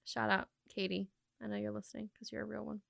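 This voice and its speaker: A woman's voice: mid-range voice, little pitch movement, creaky, a bit bright. A young adult woman from North Carolina, co-hosting a true crime podcast in bubbly, casual chat. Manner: bubbly, quick to laugh. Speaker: podcast co-host.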